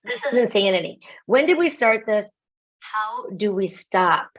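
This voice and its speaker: An animated American woman speaks as a keynote speaker in a webinar, self-mocking and quick with her asides. The audio is slightly dull and lo-fi, the kind typical of an online talk. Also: medium pitch. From United States.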